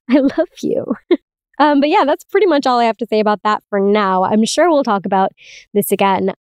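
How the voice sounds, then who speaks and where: A woman's voice: medium pitch, lively intonation, brisk, clear, resonant tone, no echo. A young woman hosting a solo podcast, talking candidly and casually, laughing often and swearing now and then. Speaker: podcast host.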